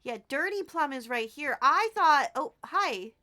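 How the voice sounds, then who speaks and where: High, lively, gushing woman streamer. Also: unhurried. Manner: excitable, gushing and squealing with delight; chatty, addresses viewers as sweethearts. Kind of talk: casual live gameplay stream chat.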